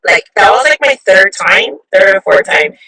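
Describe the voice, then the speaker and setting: A woman hosting a podcast in a casual live-stream chat on her cell phone, excitable and chatty, laughing often. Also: medium pitch, moderate pace, husky, rough recording. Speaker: podcast host.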